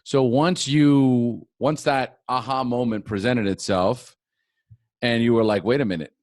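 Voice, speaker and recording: A man hosting a podcast, asking slow, searching questions with hesitant restarts. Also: mid-range voice, steady tone, darkish tone, dry recording, studio quality. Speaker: podcast host. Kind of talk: interview conversation.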